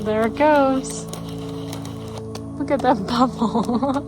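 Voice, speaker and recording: A woman's voice: a little high, drawn-out words. A young woman narrating a casual travel vlog outdoors, chatty and playful. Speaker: vlogger. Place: outdoors in national parks and campground. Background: music.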